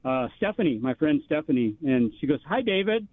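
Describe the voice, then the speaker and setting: A man's voice: mid-range voice, expressive, a little fast, no room sound. Brief: rambling male caller, phone-line sound, dry, loose storytelling. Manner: rambling, many fillers and restarts. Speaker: radio show guest. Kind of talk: casual storytelling.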